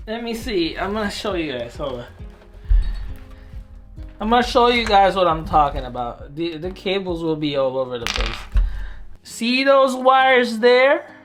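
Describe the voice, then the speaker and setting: An adult in their thirties talking casually to camera at home while building a computer, rambling and chatty, with self-deprecating asides, lots of filler words and the odd excited whoop. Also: mid-range voice, a little slow, long pauses, faint music behind. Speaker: hobbyist vlogger. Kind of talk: casual vlog narration while working.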